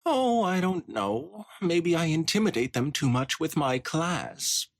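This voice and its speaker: A pompous, affected society mare pony, performed by a man in a dramatic fanfiction reading. The voice is pushed high and swings all over its range. She sounds haughty and easily indignant. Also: very animated, a little slow, exaggerated voice. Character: snobbish wealthy middle-aged mare pony, haughty.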